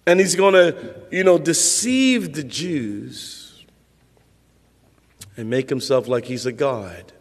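Male pastor, sermon, conversational, repeats points for emphasis, church hall reverb, rough fry in the voice. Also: medium pitch, slow pace, long pauses. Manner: conversational preaching with emphatic repetition.

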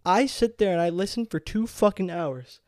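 A man in his twenties, a podcast co-host telling a story in heated, profane, animated casual chat. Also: sits high, moderate pace, dry recording, clean studio sound. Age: 20s.

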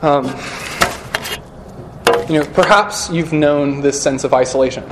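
A man's voice: a little high, unhurried, a little hiss or hum. Chatty young man preaching to students. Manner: chatty and joking, leans heavily on "like" and "you know". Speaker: speaker at a campus student gathering. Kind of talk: casual sermon-style talk to a live audience. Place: room with a live audience.

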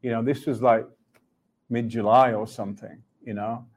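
A middle-aged man recounts a personal faith story in an easy conversational way. He is reflective, laughs readily and voices the exchanges he describes. His pitch sits in a plain middle range. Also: steady tone, normal speed, a little mellow. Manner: reflective, laughs often, acts out dialogue with God. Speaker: Christian speaker.

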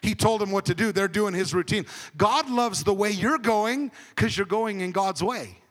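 A man preaching a conversational sermon as pastor, swinging between emphatic and hushed. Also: high voice, normal speed, long reverb tail.

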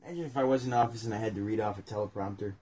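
With a lowish, slightly mellow voice and a very fast delivery, this co-host reads a children's book into his phone's front camera in a casual chat, rambling and joking about the errors he makes.

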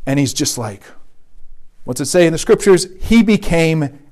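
A man's voice: on the high side, expressive, moderate pace, darkish tone. A man giving a conversational sermon at a retreat, often checking in with "right?". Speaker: retreat speaker. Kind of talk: sermon talk.

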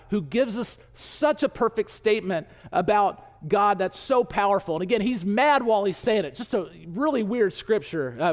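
A male pastor preaching a sermon with animated storytelling. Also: sits high, in a large hall. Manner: animated storytelling, acts out voices.

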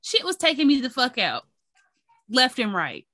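A woman co-hosting a casual movie podcast, animated and swearing freely as she retells plots. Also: high voice, moderate pace, no room sound, studio quality. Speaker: podcast co-host. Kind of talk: casual chat.

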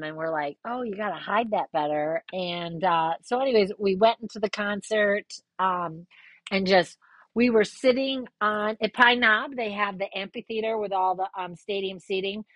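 A woman in her fifties tells a rowdy personal story in a casual, lively way. She swears freely and jumps sharply up in pitch for quoted lines. Her voice sits at a middle pitch, recorded close and dry with no room sound. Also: no room sound, rough recording.

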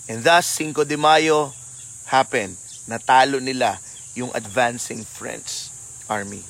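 A man's voice: mid-range voice, steady tone, unhurried, creaky, a bit bright, rough recording. A man with a Filipino accent preaching a sermon, mixing English and Tagalog and repeating key lines for emphasis. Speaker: pastor.

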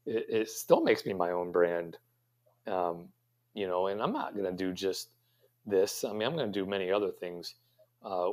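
A man's voice: sits low, darkish tone. A middle-aged man, a pastry chef guest, answering interview questions in a rambling, reflective way with many fillers and restarts.

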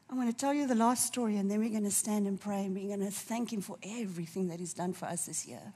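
A woman preaching a sermon, fervent and emotional, dropping to a soft near-whisper at tender moments. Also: medium pitch, quick pace, hardly any pauses, breathy edge.

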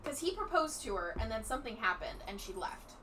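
A young woman co-hosting a casual book-review podcast, animated and chatty, laughing and agreeing often. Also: fairly high pitch, brisk, a little hiss or hum. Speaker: podcast co-host. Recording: voice slightly distant from the mic.

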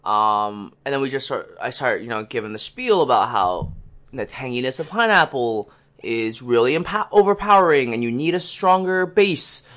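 A man's voice: mid-range voice, lively intonation, normal speed, fairly bright tone. A man co-hosting a podcast, telling a long anecdote in casual chat and acting out other people's lines. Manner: rambling anecdote teller, acts out others' lines. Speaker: podcast co-host.

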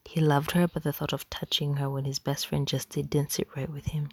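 Low, gravelly woman reading in a whisper. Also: flat delivery, moderate pace, darkish tone. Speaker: storyteller. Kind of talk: whispered storytelling.

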